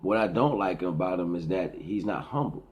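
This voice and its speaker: A man's voice: sits low, animated, normal speed. A middle-aged man speaking in a rambling, preachy casual monologue, often repeating and restarting his words. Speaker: vlogger.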